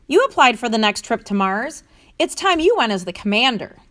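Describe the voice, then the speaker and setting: A woman's voice: on the high side, very animated, a little fast, a bit bright. A woman reading the lines of a cheerful middle-aged female astronaut in a classroom storybook, with an eager delivery.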